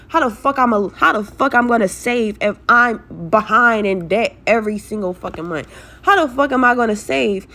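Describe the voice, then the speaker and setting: A woman's voice: fairly high pitch, fairly bright tone. A young woman venting about her life to her viewers in a casual story-time video, blunt, stressed and full of swearing. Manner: blunt, heavily profane, talks straight to viewers. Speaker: vlogger telling a personal story.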